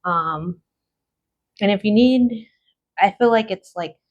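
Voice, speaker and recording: A woman giving a casual tarot card reading, thinking aloud slowly with lots of fillers and pauses. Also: mid-range voice, darkish tone, lo-fi sound. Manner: slow, musing, thinking aloud with many fillers. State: has the hiccups.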